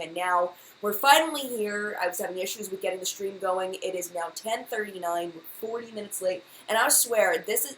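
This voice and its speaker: This young adult woman, a beauty YouTuber, hosts a casual live-stream chat and comes across flustered, chatty, and apologetic. Her voice sits in the mid range with a slightly bright quality. The room is echoey, and a faint hiss runs underneath.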